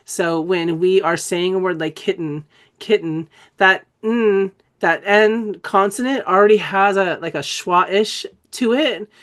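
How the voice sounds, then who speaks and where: Here a woman with a cold, coughing and clearing her throat, leads a webinar as a dyslexia trainer. She speaks in a mid-range voice, unhurried and with hardly any pauses, keeping the online lesson enthusiastic and conversational while spelling out letters as she explains.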